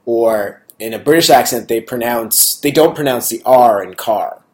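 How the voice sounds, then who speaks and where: A man's voice: medium pitch, normal speed, darkish tone. A man in casual conversation, asking questions with many fillers and restarts.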